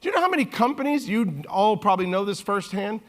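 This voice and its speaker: A man in his forties giving a humorous keynote on stage, telling stories with lively acted-out quotes. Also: high-pitched, fast talker. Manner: animated, jokey, acts out quotes in voices. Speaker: keynote speaker. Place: conference stage.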